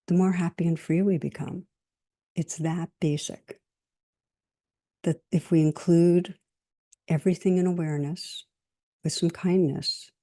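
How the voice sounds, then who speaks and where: A woman meditation teacher giving a dharma talk in a gentle, reflective way with measured pauses. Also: low-pitched.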